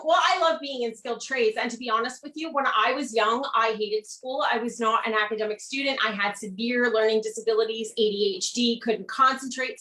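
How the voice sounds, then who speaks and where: With a pushed, bright voice on the high side, a woman ironworker chats enthusiastically as a guest in a casual video interview. She laughs often, and the sound has a roomy echo.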